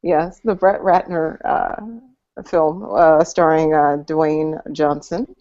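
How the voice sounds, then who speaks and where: Speaking slowly in a low, dark voice with a steady tone, this woman co-hosts a casual podcast about movies. She rambles, restarting often and using many fillers, on a dull lo-fi video-call recording.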